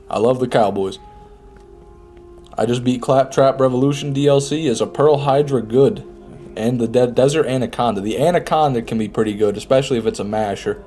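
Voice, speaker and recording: Mellow-voiced man streaming a game. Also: mid-range voice. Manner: chatty, reads and answers chat. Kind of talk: casual live gameplay commentary.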